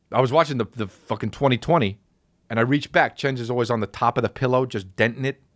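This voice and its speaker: A man's voice: mid-range voice, fairly quick, no room sound, clean studio sound. A man hosting a podcast, telling a comic story with heavy swearing and acted-out voices of the people and the dog in it. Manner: profane, animated storyteller who acts out others' voices. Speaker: podcast host. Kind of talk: comedic storytelling.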